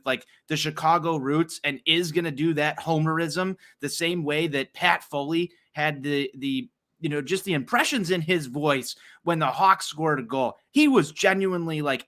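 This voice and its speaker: A man's voice: a little high, sharp tone. Fired-up ranting sports podcast man. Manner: passionate, heated, swears freely; long run-on rants with repeated restarts. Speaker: podcast co-host. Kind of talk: casual sports talk rant.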